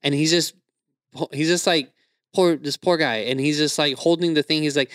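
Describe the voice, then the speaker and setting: A man's voice: fairly high pitch, steady tone, normal speed, a bit bright, slight background noise. A man telling a story in casual chat, laughing often, swearing freely and acting out the people he quotes.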